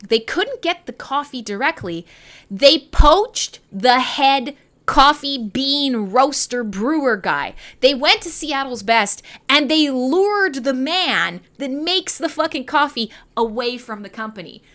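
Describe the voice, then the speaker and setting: A woman livestream host from Canada talking in a loose, rambling way, full of giggles and swearing. Her voice sits fairly high and swings widely in pitch. Her tone is bright and crisp, and she sounds tired and a bit high. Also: big pitch swings, unhurried, few pauses. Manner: rambling, giggly, profane, self-mocking. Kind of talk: casual livestream chat.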